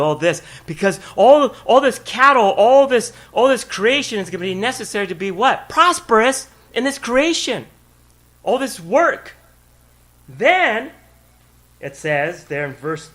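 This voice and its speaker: A man's voice: sits high, a bit bright. A male pastor preaching a sermon, emphatic and conversational, repeating key words and putting questions to the congregation. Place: church.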